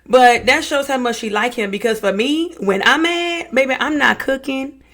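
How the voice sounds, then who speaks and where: A woman's voice: high voice, moderate pace, a bit bright. A young woman giving casual reaction commentary, reading text messages aloud and adding sassy asides, often calling people baby and honey. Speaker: true-crime reaction vlogger.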